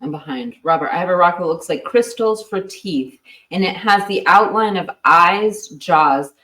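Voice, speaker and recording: A chatty woman host with a fairly low voice. She keeps the talk casual and tosses in quick asides. She sits back from the mic in an echoey room. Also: lively intonation, pushed and bright, far from the mic. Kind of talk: casual livestream chat.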